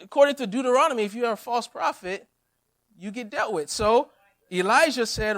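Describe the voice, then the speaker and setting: A male pastor preaching a sermon, telling a Bible story with lively humor and acted-out quotes. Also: extremely high pitch, fairly quick.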